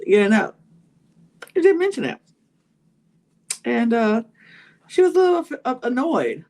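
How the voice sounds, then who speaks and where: A woman's voice: fairly high pitch, sing-song, normal speed, long pauses, a little mellow. A woman hosting a podcast, casually recapping a reality show, full of "like" and "you know" and acting out what people said. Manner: chatty, full of "like" and "you know", acts out quotes. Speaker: podcast host.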